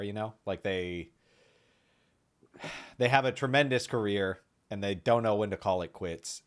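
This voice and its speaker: A man co-hosting a casual wrestling podcast, hesitant and wry, often trailing off mid-thought. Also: low voice. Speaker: podcast co-host.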